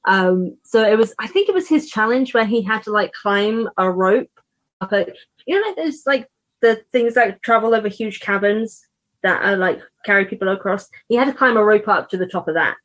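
A woman's voice: medium pitch, lively intonation, moderate pace, fairly bright tone. Chatty female co-host, rambling, giggly, lots of "like" and "um". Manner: rambling, laughs often, many fillers. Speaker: podcast co-host. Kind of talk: casual chat.

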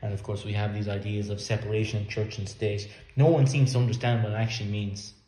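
A man's voice: on the low side, fairly even intonation, fast, dark tone, slight background noise. A man preaching a sermon in an earnest, emphatic way, sometimes repeating words as he works through a point. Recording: echoey room.

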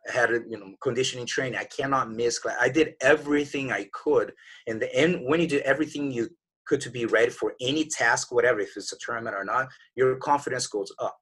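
An earnest man in his forties talks as a podcast guest, with a husky, slightly breathy voice at an ordinary middle pitch. He tells a motivational story conversationally and slips into his own doubting inner voice to act it out. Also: fairly bright tone. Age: 40s.

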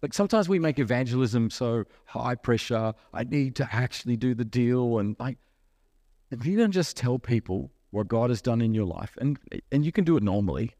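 A man's voice: mid-range voice, lively intonation, normal speed, dark tone, dry recording, clean studio sound. A man preaching a sermon in a conversational way, asking the listeners questions and acting out little asides. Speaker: pastor.

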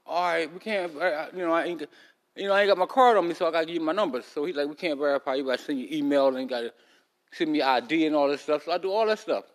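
Speaking quickly in a fairly high voice, a podcast host rambles loosely and casually through a long story around a loose tooth. He restarts often and uses many fillers.

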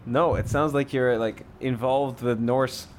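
A man in a relaxed, jokey chat, musing on the topic at hand. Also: mid-range voice, unhurried, slight background noise. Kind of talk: casual chat.

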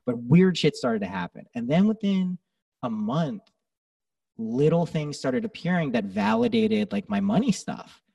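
A man with a gravelly, husky voice tells his story as a guest on a talk show, pitch leaping around as he acts out what he was thinking. He curses casually and keeps it loose and conversational. The mic sits a little back in a dry space. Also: unhurried, no echo, far from the mic. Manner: animated, swears freely, acts out his own thoughts. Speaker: podcast guest.

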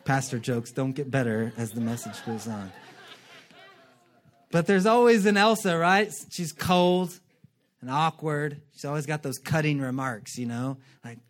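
A male pastor giving a lively, joking sermon and acting out quick character voices. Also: medium pitch, some chatter behind.

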